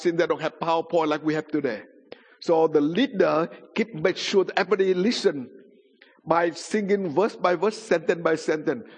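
Pastor testifying in an echoing hall. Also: male voice, fairly high pitch. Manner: non-native English, simple grammar, dramatic retelling. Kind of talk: sermon testimony. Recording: muffled sound in a reverberant hall.

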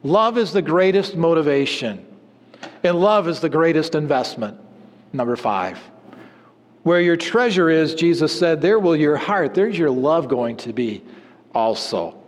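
A man preaching a sermon, telling an illustrative story and dropping to low, quiet emphasis on key words. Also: lively intonation, unhurried, long reverb tail.

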